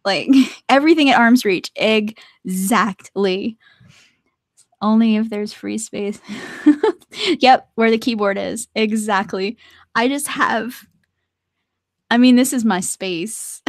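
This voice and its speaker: A woman's voice: on the high side, unhurried, long pauses, no room sound, clean studio sound. A young adult woman chatting casually to viewers on a live stream from her art desk at home, laughing often.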